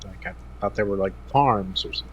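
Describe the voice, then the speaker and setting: A man's voice: lowish voice, fast, breathy edge, highs cut off. A man playing in a tabletop game, chatting and joking about his character. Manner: joking, animated. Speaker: player. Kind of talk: casual tabletop game chat.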